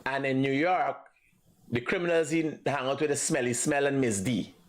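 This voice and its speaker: A man's voice: medium pitch, moderate pace. A man with a Guyanese accent hosting a casual live show, mocking and laughing as he talks, with frequent swearing. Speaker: show host.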